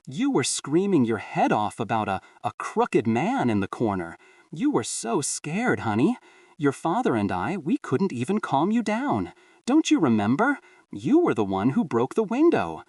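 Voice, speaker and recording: A gentle middle-aged mother with a patient, pitying softness in every word, as a male storyteller puts her on. Her voice climbs high and swings in lively arcs. The sound is dry and set back from the mic. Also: dry recording, recorded from a distance, heavily acted. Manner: soft, coaxing and pitying.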